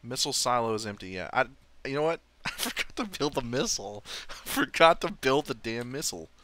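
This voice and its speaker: Bright-voiced joking game commentator man. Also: mid-range voice, sing-song, brisk, a little hiss or hum. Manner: chatty, self-mocking, swears and laughs often. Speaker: let's play host. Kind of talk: casual gameplay commentary.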